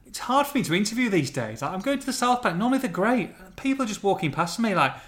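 A man's voice: sits high, big pitch swings, quick pace, fairly bright tone. A man hosting a casual podcast, bantering and calling people mate. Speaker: podcast host and fan interviewer. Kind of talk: casual chat.

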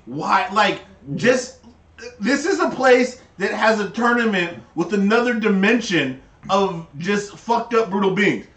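A man's voice: high-pitched, lively intonation, a little slow, a bit bright, reverberant, distant mic. A man co-hosting a podcast in casual chat, giving blunt, emphatic opinions. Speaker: podcast co-host.

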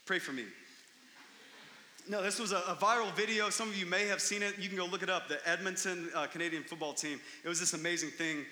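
High, bright-voiced man preaching in a hall. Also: fast talker, slight background noise. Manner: animated storytelling, rising to excited emphasis. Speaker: pastor. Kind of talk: sermon. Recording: echoey hall with long reverb.

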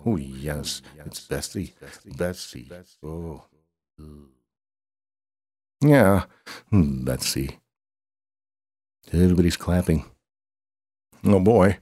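A man improvising a playful story, rambling and excitable, with grunts, humming and race-call cheering. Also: low-pitched, extremely slow, pauses often, husky, no echo, studio quality.

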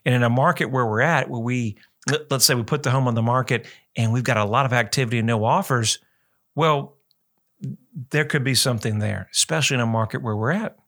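A man hosts a local real estate radio show, talking in a loose, rambling, chatty way. His voice is bright and forward. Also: mid-range voice, a little fast. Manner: rambling, chatty, animated quoting. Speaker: radio show host, realtor. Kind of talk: casual radio talk.

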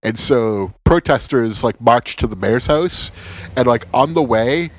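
Animated, sarcastic man ranting profanely. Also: mid-range voice, a little slow. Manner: animated, sarcastic, swears a lot, stammers and restarts. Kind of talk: casual profane rant.

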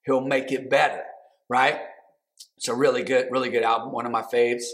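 Bright-voiced preaching man, conversational. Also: medium pitch, flat delivery, fairly quick. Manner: conversational, builds to emphatic repeated phrases. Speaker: pastor. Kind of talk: sermon.

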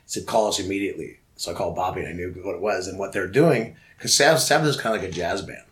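Excitable low-voiced man telling rock stories. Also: fast talker. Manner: excitable, rambling, acts out quoted voices. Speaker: guest musician. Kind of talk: casual storytelling interview.

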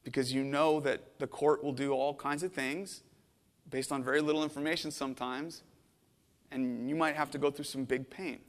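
A middle-aged man preaching a sermon as a pastor, earnest and emotional, swinging from hushed to intense. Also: medium pitch, fairly even intonation, normal speed, in a large hall. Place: church sanctuary.

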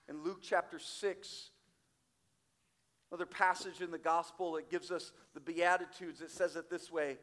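High-voiced male pastor preaching. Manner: emphatic, varies loudness widely, slows on quoted scripture. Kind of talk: sermon. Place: church sanctuary.

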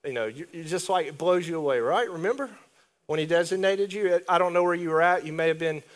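Fast and fairly high in pitch, a man delivers an animated, conversational sermon, tossing asides to his congregation.

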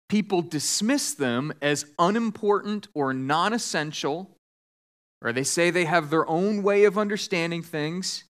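A man preaching a sermon as pastor, telling a joke with lively voices for the characters in a church sanctuary. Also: on the high side. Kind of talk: sermon with storytelling.

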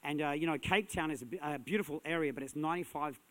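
Male pastor, sermon delivery, slightly high pitch, energetic and emphatic. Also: fast talker. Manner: energetic, punchy, rising to shouts.

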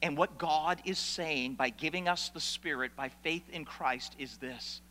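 A man preaching a sermon as pastor, animated, asking rhetorical questions and swinging between loud and hushed. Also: a little high, unhurried, slight background noise. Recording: long reverb of a large hall.

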